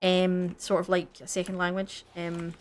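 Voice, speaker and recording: A woman from the Scottish Highlands with a Scottish accent, co-hosting a gaming video and chatting casually, rambling with lots of fillers and restarts. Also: monotone, moderate pace. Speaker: gaming channel co-host. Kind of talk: casual chat while gaming.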